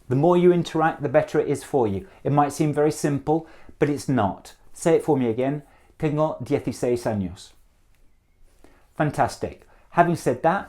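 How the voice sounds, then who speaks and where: This Spanish teacher, a middle-aged man with an English accent and a fairly high-pitched voice, has students repeat numbers after him. He moves briskly, cheers them on and jokes gently.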